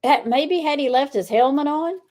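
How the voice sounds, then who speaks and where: A woman's voice: high-pitched, moderate pace, a little mellow. A middle-aged woman, chatting casually with her livestream viewers, frank and blunt, laughing often. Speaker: tarot livestream host.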